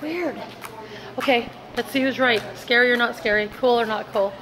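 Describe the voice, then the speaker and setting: Chatty woman filming a store tour on her camera, kinda high voice, lots of shoppers chattering behind. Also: moderate pace, crowd noise. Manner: giggly, chatty, narrating to camera. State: congested chest. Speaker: vlogger. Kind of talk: casual chat. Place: busy costume store.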